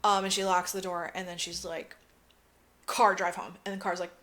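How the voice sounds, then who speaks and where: Fairly low in pitch and a bit bright, this woman speaks at normal speed with little rise and fall. As a podcast co-host, she chats through a movie recap, voicing characters' lines, cursing liberally and filling gaps with "like."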